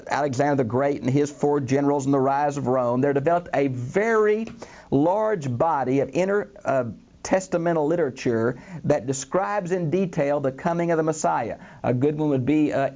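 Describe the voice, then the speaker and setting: The recording is muffled, and the older man's voice sits on the high side as he gives a Bible lesson in a studio. He calls his listeners "friends," performs the quoted voices with animation, and says "uh" a lot.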